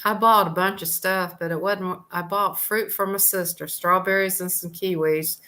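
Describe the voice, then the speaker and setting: A woman's voice: on the low side, steady tone, moderate pace, bright, forceful tone. A woman who is a guest on a livestream, chatting easily about her day. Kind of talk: casual chat.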